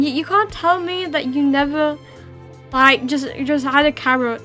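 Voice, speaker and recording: A woman's voice: high voice, a little slow, a bit bright, faint music behind. A young woman hosting a livestream, chatting casually with her viewers in a rambling way full of fillers and restarts. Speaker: livestream host. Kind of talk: casual chat with viewers while streaming.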